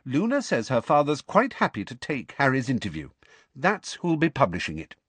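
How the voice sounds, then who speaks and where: A sharp, know-it-all teenage girl snaps back with crisp impatience, voiced by a man reading a story. Her voice sits far above his own and bounces lively in pitch. The sound is dry and close. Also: normal speed, no echo, exaggerated voice. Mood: tart. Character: clever, sharp-tongued teenage girl, bossy.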